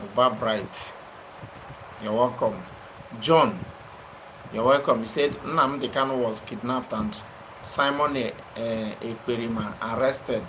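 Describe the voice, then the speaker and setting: A man's voice: medium pitch, takes it slowly, a bit bright, slight background noise, poor audio. A man with a Nigerian accent hosting a live stream, answering viewers by name and scolding them with fiery, repetitive emphasis. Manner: impassioned, scolding, repeats his phrases for emphasis. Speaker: livestream host.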